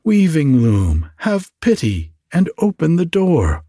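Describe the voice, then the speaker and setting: A man voicing a crowd of little fairies with high, plaintive, begging voices. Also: wildly swooping pitch, takes it slowly, mellow, no room sound, clean studio sound, heavily acted. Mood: pleading. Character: swarm of pleading little fairies.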